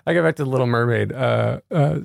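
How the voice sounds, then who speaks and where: A man hosting an interview, curious and enthusiastic, quick to laugh with his guest. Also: medium pitch, creaky, no room sound, clean studio sound. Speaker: podcast host. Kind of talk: casual interview chat.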